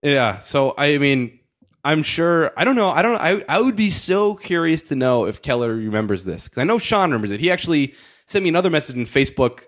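A man's voice: fairly high pitch, sing-song, a little fast. A young man hosting a podcast, telling a story in casual chat, laughing often and acting out the voices of the people in it. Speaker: podcast host.

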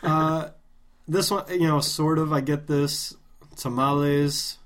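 A man's voice: fairly high pitch, steady tone, a little slow. A man co-hosting a podcast in casual chat, making wry, sardonic remarks. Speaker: podcast co-host.

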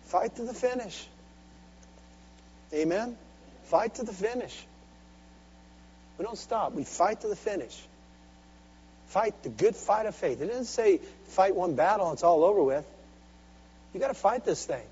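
A man preaching a sermon with call-and-response, swinging from soft, intimate asides to loud, driving exhortation. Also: sits high, expressive, measured pace, long pauses, breathy edge. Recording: dull lo-fi recording with faint hum.

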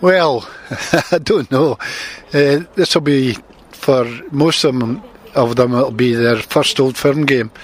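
An older man, a former footballer, answering questions slowly and with many pauses outside a stadium. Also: mid-range voice. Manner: measured, hesitant, with many fillers. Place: outdoors by a stadium.

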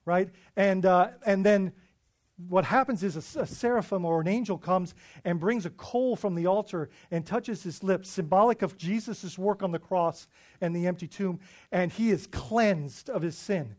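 A man preaching a sermon, animated and emphatic, acting out scripture voices and often repeating words as he goes. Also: sits high, normal speed. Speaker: pastor.

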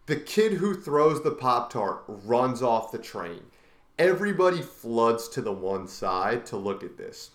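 Young male co-host, lively storyteller with swings in pitch, echoey room. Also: a little slow. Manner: animated, swears a lot. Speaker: podcast co-host. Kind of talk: casual storytelling chat.

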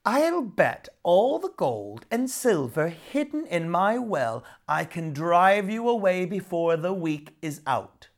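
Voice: medium pitch, sing-song, slow pace, few pauses, pitched above the performer's own voice. A storyteller voicing a boastful male water demon who roars, laughs and gloats, in a storybook read-aloud. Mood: menacing. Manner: loud, roaring laughter and gloating threats.

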